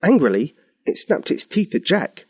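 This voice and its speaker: A man narrating a bedtime story for young children, expressive and animated. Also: on the high side, moderate pace, slightly rough.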